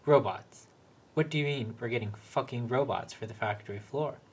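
A man doing a gruff, sweary factory worker. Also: medium pitch, moderate pace. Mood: indignant. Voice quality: blunt, sweary. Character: gruff middle-aged Scottish factory worker, hot-headed.

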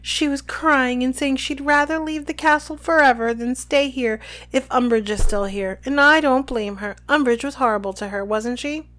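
A woman's voice: high-pitched, moderate pace, hardly any pauses, fairly bright tone, voice pushed up. A woman voicing a kindly, sympathetic man who speaks in a gossipy, caring way.

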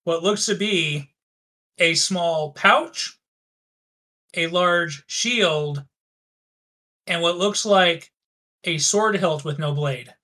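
High, bright-voiced male game master. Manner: descriptive, unhurried, with fillers. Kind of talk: narrating a tabletop game.

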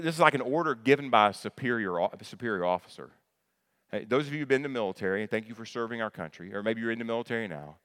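Preaching man in a reverberant church hall. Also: mid-range voice. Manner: animated preacher, asks the congregation questions and answers them; repeats words and restarts phrases. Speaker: pastor. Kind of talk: sermon.

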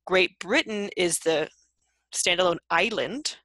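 Bright-voiced woman host, dry sound. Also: on the low side, slow pace, dry recording. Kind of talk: casual chat.

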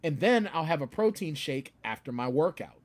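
An animated man chatting as a guest author. His pitch swings widely and he breaks into loud, ranting put-on voices. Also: normal speed. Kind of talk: casual chat.

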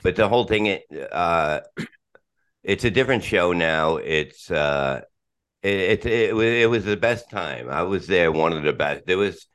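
Very deep-voiced rambling, profane man. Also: animated, a little slow, fairly bright tone, smooth. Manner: rambling, profane, restarts often, laughs a lot. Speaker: podcast guest, comedian. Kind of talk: casual podcast chat.

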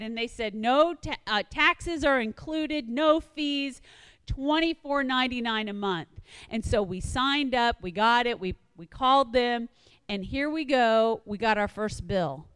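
A woman's voice: fairly high pitch, a little slow, clean tone, no echo, long reverb tail. A woman telling a personal story in a sermon-like devotional talk, acting out quoted lines and repeating points for emphasis. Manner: animated retelling with quoted asides, emphatic repetition.

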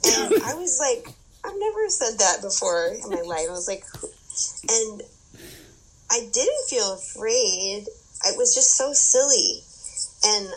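Husky woman telling a story casually. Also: mid-range voice, poor audio. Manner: animated storytelling, frequent fillers, swearing, laughing. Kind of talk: casual chat.

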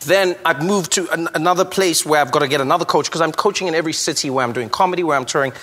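Brief: high-pitched man doing stand-up storytelling, lively, echoey hall with faint noise. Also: quick pace, hardly any pauses. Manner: animated, acts out dialogue. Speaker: comedian.

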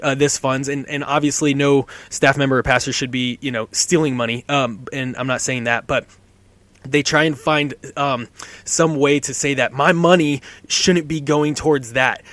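A man, a pastor co-hosting a podcast, explaining his view earnestly and haltingly, restarting his sentences often. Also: mid-range voice, fairly bright tone, no echo. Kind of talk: casual podcast discussion.

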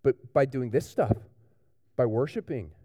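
A man preaching a children's sermon in church, telling a picture-book story in a lively, animated way to the young ones. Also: mid-range voice, unhurried, no echo, clean studio sound. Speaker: pastor.

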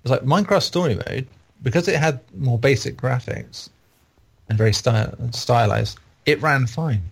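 A man's voice: mid-range voice, normal speed, gravelly, breathy edge. A man reviewing games in a casual, rambling and opinionated chat. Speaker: game reviewer on a podcast.

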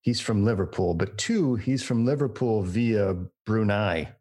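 A man's voice: fairly low pitch, unhurried, darkish tone. A man who works in voiceover, chatting and telling stories. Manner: chatty anecdotal storyteller. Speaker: voiceover artist, podcast guest. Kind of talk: casual chat.

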